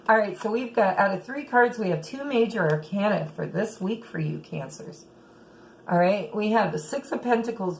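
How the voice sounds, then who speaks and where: A middle-aged woman giving a chatty tarot reading, often checking in with "okay", her throat a little rough. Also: mid-range voice, slight background noise, low-quality recording. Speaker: tarot reader. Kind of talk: casual tarot reading monologue.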